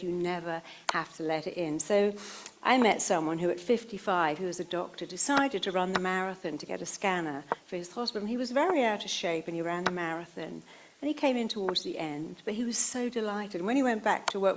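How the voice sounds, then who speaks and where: A woman's voice: on the low side, background noise. A woman giving a motivational talk on stage, telling anecdotes and acting out the voices of the people in them. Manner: animated storyteller, puts on quoted voices. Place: stage before a live audience.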